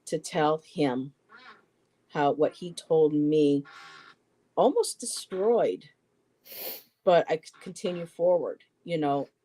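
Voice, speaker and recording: Mellow-voiced middle-aged man telling a story. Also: a little high. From western New York, US. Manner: halting, repeats words, quotes others. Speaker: poetry show co-host. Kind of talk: personal storytelling.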